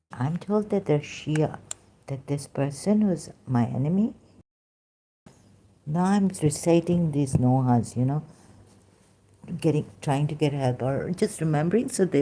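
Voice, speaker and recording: A woman vlogger speaking in an earnest, halting personal monologue, pleading with her viewers. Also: low-pitched, dark tone.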